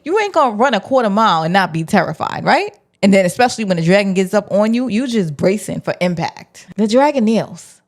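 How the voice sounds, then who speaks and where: A woman hosting her own channel, recapping a TV episode in a casual, slangy way and acting out her reactions as she goes. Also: medium pitch. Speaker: show recap host.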